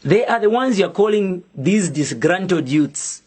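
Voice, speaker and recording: A young adult Zambian man with a Zambian accent, speaking as an activist in a public video statement, in a deliberate and emphatic way with pointed pauses. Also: high voice, lively intonation, darkish tone, husky.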